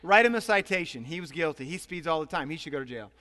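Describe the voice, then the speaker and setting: A man doing a blunt, unimpressed wife speaking flatly and matter-of-factly. The voice stays high in pitch and echoes through a reverberant hall. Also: fast.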